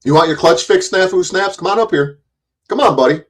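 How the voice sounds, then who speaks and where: A high male voice, a little fast, on a low-quality recording. The middle-aged YouTube commentator angrily rants at the camera, taunting his targets, cursing heavily and stumbling over repeated words as he restarts, all in a confrontational manner.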